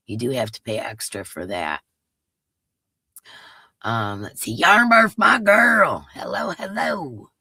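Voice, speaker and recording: Her voice rumbles low, creaky and husky with a slight brightness, and her nose sounds blocked up. Hosting a live stream with no room sound, she chats casually and welcomes each viewer individually.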